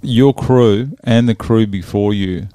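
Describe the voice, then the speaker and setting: A man's voice: on the low side, slow, dark tone, no echo, studio quality. A man hosting a casual interview, blunt, swearing freely and drifting off topic. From Australia. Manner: blunt, swears often, easily sidetracked. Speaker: podcast host.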